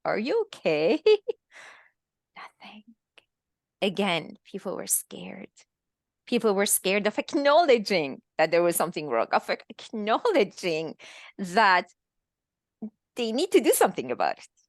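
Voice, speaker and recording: A woman in her fifties from Iran, telling her own story in a halting, emotional way over a video call. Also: mid-range voice, big pitch swings, dry recording, studio quality. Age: 50s. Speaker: guest. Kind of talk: personal testimony in a virtual talk.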